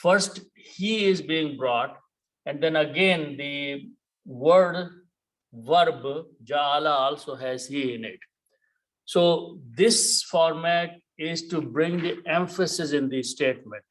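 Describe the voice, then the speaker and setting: A man teaching a Quran lesson, explaining words step by step, repeating key terms and pausing on "okay". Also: on the high side, poor audio.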